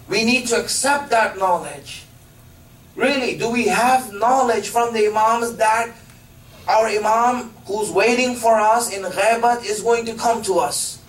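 A man preaching a sermon, telling a story in halting phrases with many fillers and posing emphatic questions to his listeners. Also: high voice, fairly bright tone. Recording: echoey room from a distance.

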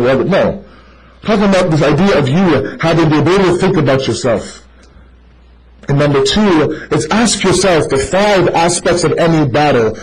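A man with a high, bright-toned voice delivers a sermon to a live gathering. He talks straight to the crowd, calling them brother, and makes his points through short stories. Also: poor audio. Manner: animated, addressing listeners directly as brother; tells stories to make a point. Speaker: preacher.

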